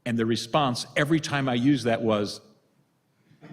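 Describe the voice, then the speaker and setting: An older American priest gives a retreat talk full of storytelling and self-deprecating humor. His mid-range male voice moves fairly quickly, and the recording carries the long reverb of a large hall.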